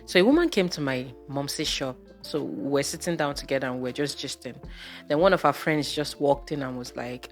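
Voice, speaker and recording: Low-voiced woman vlogger. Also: moderate pace, faint music behind. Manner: chatty, exasperated, rhetorical questions. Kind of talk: casual storytelling monologue.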